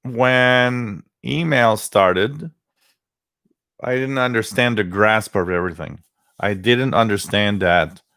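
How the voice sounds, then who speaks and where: Man, fairly low voice, rambling casual livestream chat, dry close sound. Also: a bit bright, no room sound. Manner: rambling storytelling, greeting chat viewers by name. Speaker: livestream host.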